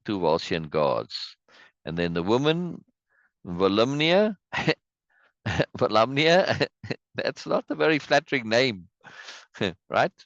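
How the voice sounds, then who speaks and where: A man's voice: lowish voice, a bit bright, dry recording, dull audio. A man hosting a casual play reading, chatty and musing, with frequent asides and laughs, on a video call. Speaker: host reading a play aloud.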